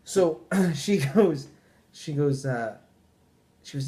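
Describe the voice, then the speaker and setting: Podcast host, male, lively swearing rant, high and expressive voice. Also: takes it slowly, pauses often. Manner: animated, profane ranting with mock quoted voices. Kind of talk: casual chat.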